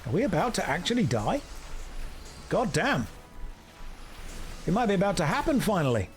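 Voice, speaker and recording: A man's voice: high voice, very animated, normal speed, faint music behind. Sarcastic man streaming a game. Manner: sarcastic, jokey running commentary. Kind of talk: live game commentary.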